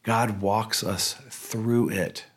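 A man's voice: lowish voice, fairly even intonation, extremely slow, a bit bright. A man, a pastor, preaching a sermon in a conversational, emphatic way with rhetorical questions.

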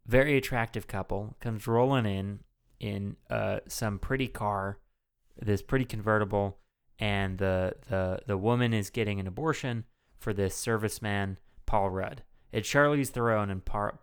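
A man co-hosting a casual movie chat, talking in a smooth, resonant, rather low voice. He rambles through his retelling with lots of fillers and restarts. He swears freely and gets worked up easily. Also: unhurried. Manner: rambling and animated, heavy profanity, many fillers. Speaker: podcast co-host.

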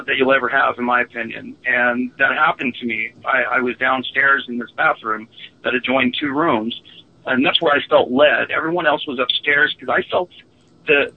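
A man guest telling an earnest, halting personal story with many fillers. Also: mid-range voice, creaky. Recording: phone line.

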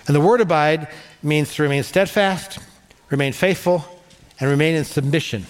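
A man pastor preaching a sermon in an animated way, repeating phrases for emphasis, in a large church hall. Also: on the high side. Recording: long hall reverb.

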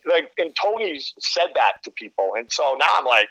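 A middle-aged man tells stories in a fairly high, bright, clear voice. He is a sports commentator talking casually as a podcast guest. He laughs often and acts out what others said. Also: sing-song, normal speed, poor audio. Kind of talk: casual storytelling.

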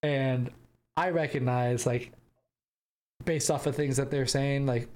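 A man's voice: mid-range voice, steady tone, slow, a little mellow. Man rambling through a travel story. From United States. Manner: rambling, laughing, frequent filler restarts. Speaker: podcast host. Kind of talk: casual storytelling.

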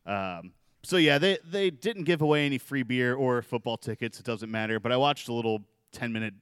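A man's voice: mid-range voice, fairly quick, fairly bright tone, smooth, no echo, clean studio sound. A man co-hosting a beer podcast, talking casually and joking, with lots of "uh" while he tells a story. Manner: joking, news-reading segments with fillers. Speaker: podcast co-host. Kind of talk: casual chat.

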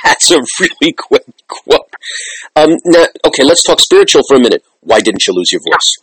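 A man hosting an interview, animated and enthusiastic, quick to praise his guest. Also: a little high, slightly rough, no echo, low-quality recording. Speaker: interview host. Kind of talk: casual interview.

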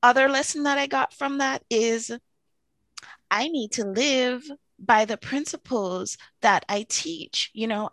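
Chatty animated woman, dry sound. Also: no room sound. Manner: animated, swings into high excited quoted voices; chatty, with fillers and asides. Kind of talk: casual storytelling to camera.

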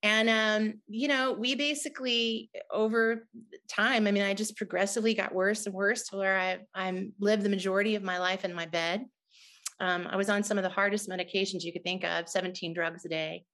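Woman, middle-aged, interview guest, earnest emotional testimony, medium-pitched voice. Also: fairly even intonation, moderate pace, a bit bright. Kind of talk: personal testimony in conversation.

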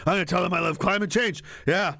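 A man's voice: sits high, fast, gravelly, pushed and bright, exaggerated voice. A man voicing a bumbling middle-aged male politician who is whiny, helpless and pleading for someone to stop him. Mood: scheming.

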